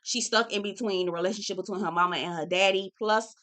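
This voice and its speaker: A young woman recaps reality TV, chatting candidly and casually with her viewers, swearing freely and calling them "girl" and "y'all." Her mid-range voice is fairly bright and steady in tone, and she talks fast.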